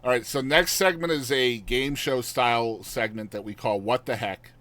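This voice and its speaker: A man's voice: mid-range voice, normal speed, a bit bright. A man hosting a podcast interview, upbeat and encouraging as he leads the segments. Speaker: podcast host.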